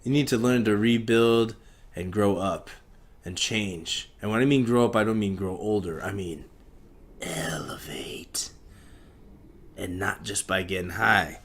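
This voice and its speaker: A man's voice: low-pitched, lively intonation, slow, husky. A man hosting a casual solo podcast, rambling in a profane, laid-back way. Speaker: podcast host.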